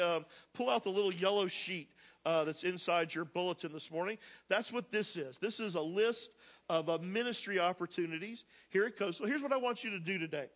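A male pastor giving a sermon to his congregation, energetic and joking, talking straight to the people in the pews. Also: high voice. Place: church sanctuary with congregation.

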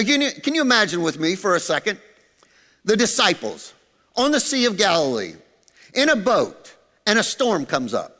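A man preaching a sermon as pastor, animated, dropping to soft low tones for emphasis. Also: in a large hall.

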